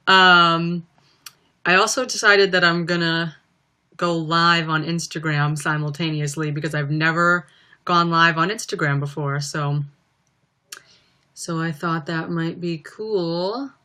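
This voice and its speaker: A woman's voice: fairly low pitch, sharp tone, clear, resonant tone. A young woman chatting casually on a livestream, reading viewer comments aloud with plenty of ums. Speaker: livestreaming singer.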